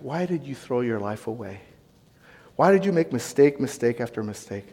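Male preacher doing God: low, quiet, sorrowful father, long hall echo. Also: lightly acted. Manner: hushed, sorrowful questioning. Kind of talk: sermon role-play.

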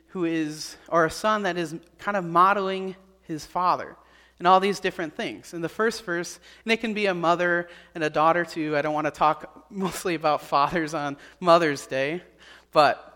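Male pastor, high voice, earnest sermon delivery, long reverb of a church hall. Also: sharp tone. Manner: earnest, repeats key points, small restarts.

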